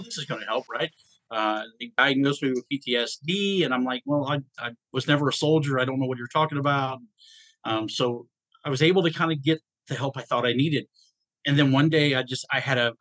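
A middle-aged man, telling a personal story as a podcast guest, halting and stammering, low and subdued. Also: a bit bright, no room sound, rough recording. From Georgia, US. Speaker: guest dad.

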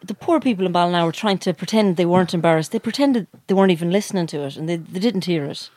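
A woman's voice: on the low side, quick pace, darkish tone, no echo. A middle-aged woman from County Mayo with an Irish accent, co-hosting a podcast in a mock-indignant, profane rant. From Knockmore, County Mayo, Ireland. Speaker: podcast co-host. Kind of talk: casual podcast chat. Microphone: close podcast mic.

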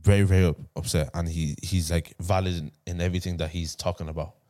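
A man in his twenties with an Irish accent, hosting a casual podcast chat, animated and repeating himself as he makes his point. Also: sits low, fast. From Ireland. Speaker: podcast host.

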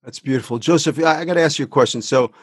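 A man's voice: fairly high pitch, rapid-fire, husky, no room sound. Enthusiastic male podcast host, dry sound. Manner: enthusiastic, effusive praise. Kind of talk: conversational interview.

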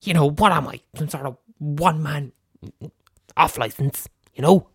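A man's voice: fairly high pitch, normal speed, gravelly, slightly rough, no room sound, studio quality. A man playing a seething partygoer who mutters and hisses under his breath while he tries to hold back his anger. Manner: hissing, muttered, whispered.

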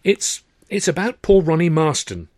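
A man's voice: a little high, very animated, normal speed, a little mellow, clean studio sound, voice pushed up. A man voicing an anxious, eager young male music-hall performer who stammers and pleads with his boss.

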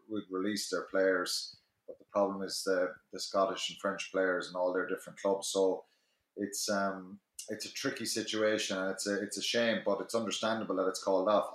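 Very deep-voiced pundit in an echoey room. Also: male voice, fairly bright tone. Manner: hesitant, many fillers. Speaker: rugby pundit. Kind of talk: podcast discussion.

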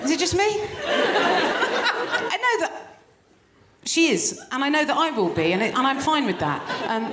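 A woman's voice: high-pitched, fast, hardly any pauses, a loud crowd. A woman in her forties doing stand-up comedy on a live stage, acting out quotes and laughing often. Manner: animated, acts out mock quotes, laughs often. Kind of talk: stand-up comedy and casual chat. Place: live stage before an audience. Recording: echoey live venue with loud noise.

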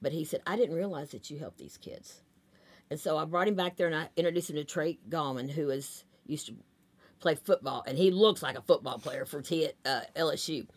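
Chatty low-voiced woman. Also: a little fast, slightly rough. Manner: chatty, rambling anecdotes with many fillers. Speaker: talent agent, guest. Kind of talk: casual storytelling interview.

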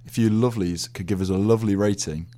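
Male co-host, lower voice, relaxed, chatty with fillers. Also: fast talker. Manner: laid-back, many fillers and agreeing murmurs. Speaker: podcast co-host. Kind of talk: casual comedy chat.

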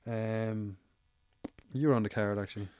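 A man's voice: lowish voice, steady tone, normal speed, a little mellow, clean tone, no echo, clean studio sound. An Irish man, an amateur MMA fighter, telling stories in casual, rambling, swear-heavy chat. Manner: swears freely, rambling anecdotal.

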